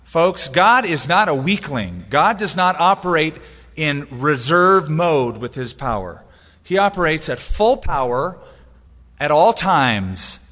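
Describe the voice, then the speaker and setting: A man's voice: big pitch swings, takes it slowly, big-room sound. A pastor delivering an emphatic sermon, his voice rising and falling with light humor. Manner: emphatic preaching with wide swings in pitch and loudness, light humor.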